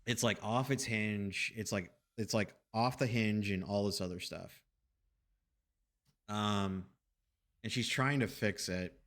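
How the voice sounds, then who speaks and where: A man with a slightly low voice tells a story at home during a stream. He rambles, circles back, and swears casually. His delivery is animated and chatty. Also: takes it slowly, pauses often. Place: home apartment.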